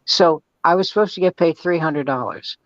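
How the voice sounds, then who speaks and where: An older man, a comedian, telling a story in a loose, profane, animated way during a casual chat. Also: fairly high pitch, normal speed, dry recording. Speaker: comedian guest. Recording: dull, dry sound.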